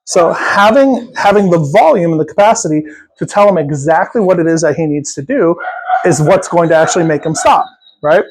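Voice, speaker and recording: A dog trainer coaching a client in person, encouraging and often checking in with a quick "right?". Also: medium pitch, animated, a little hiss or hum, low-quality recording. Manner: encouraging, repeats checking questions.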